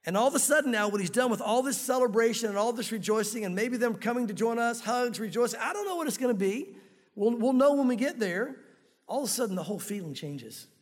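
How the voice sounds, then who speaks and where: A man with a strikingly high voice preaches a sermon, earnest and direct, often turning to his listeners with questions. His words trail off into the long reverb of a large hall. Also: expressive, fast. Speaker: pastor.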